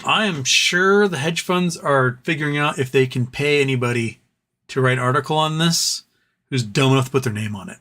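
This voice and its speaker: A man hosting a relaxed live stream, reading out comments from his viewers and answering them one by one. He is tired and his voice is starting to wear out, but he keeps talking in a loose, chatty way at a middle pitch. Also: normal speed. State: tired, voice wearing out. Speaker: livestream host reading chat. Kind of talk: casual live-stream chat.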